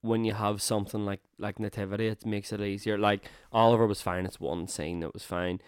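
A man's voice: lowish voice, steady tone, brisk, clear, resonant tone, dry recording, clean studio sound. A young man hosting a casual podcast chat, swearing freely and laughing often. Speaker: podcast host.

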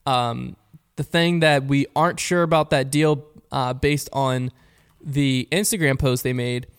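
A man hosting a casual weekly podcast, upbeat and quick to laugh as he chats with his co-host. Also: medium pitch, fairly even intonation, smooth.

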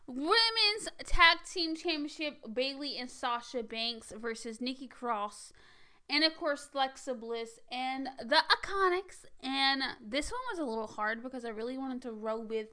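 A young woman hosting a podcast, chatting in a hurried, casual way with lots of fillers as she gives her predictions. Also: sits high, pushed and bright, smooth. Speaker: podcast host. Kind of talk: casual wrestling predictions chat.

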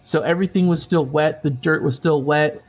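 A man and interview guest, telling a personal story in an animated way, often laughing and acting out the voices of others. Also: a little high, moderate pace. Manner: lively, laughing, acts out quoted voices.

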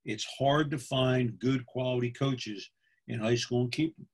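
A middle-aged man from Pennsylvania, USA, talks a little slowly in a husky, medium-pitched voice. As a football official giving other officials folksy instruction, he repeats himself and checks in with "okay?"

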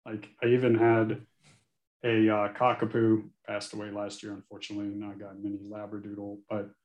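A man's voice: fairly low pitch, a little fast, muffled recording. A man in his forties, a guest speaking frankly and earnestly in an interview. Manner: earnest, frank and animated, sometimes cursing. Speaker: guest, attorney. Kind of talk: candid podcast interview. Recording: echoey room.

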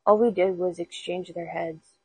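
A woman voicing a calm, deadpan male undertaker, in a quiet husky storybook reading. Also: lowish voice, normal speed, exaggerated voice, low-quality recording.

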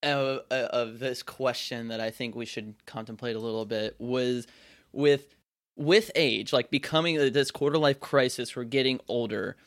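A man's voice: mid-range voice, a little slow. Laid-back young guy from north carolina, talks loose with lots of likes and laughs. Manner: laughs often, filler-heavy, rambling. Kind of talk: casual chat.

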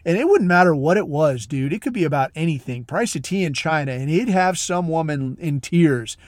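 A man holds forth in a loose, rambling monologue, swearing freely and piling up fillers as he talks. His voice sits a bit high for a man. The sound is dry and close, with no room echo. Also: animated, a little fast. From military special operations community. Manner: profane, rambling, blunt, full of fillers. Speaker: podcast host. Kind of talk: casual storytelling monologue.

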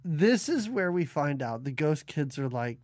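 A man co-hosting a podcast, chatting casually about a film with animated, sarcastic asides and frequent laughter. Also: on the high side, measured pace, no echo. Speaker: podcast co-host. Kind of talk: casual movie-review chat.

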